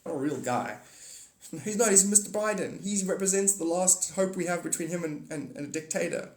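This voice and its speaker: A man ranting casually on a livestream, rambling and profane, swinging from mutters to excited outbursts. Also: high voice, fairly quick. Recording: echoey room.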